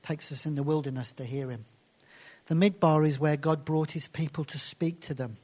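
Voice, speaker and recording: A man preaching a sermon and reading scripture aloud, slowing down and dropping to soft, hushed phrases for emphasis. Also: on the high side, fairly even intonation.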